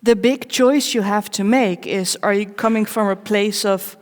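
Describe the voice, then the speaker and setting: A woman giving a live conference talk, candid and personal, with wry self-mocking asides and measured pauses between short phrases. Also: mid-range voice, fairly even intonation. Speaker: conference speaker. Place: large conference hall. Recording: long reverb of a big hall.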